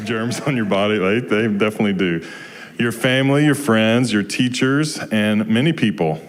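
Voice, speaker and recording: A man from Georgia in the US, a minister leading a children's story time in a service, who talks gently and keeps asking the children questions. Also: lowish voice, normal speed. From Georgia, USA. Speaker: guest minister.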